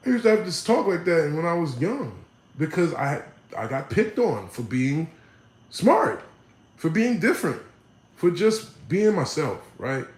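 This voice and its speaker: A man casually telling his life story, often checking in with the listener, growing animated when he acts out other people. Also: a little high, a little slow, roomy sound, rough recording. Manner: conversational, frequent "you know what I'm saying", animated when quoting others. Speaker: vlogger.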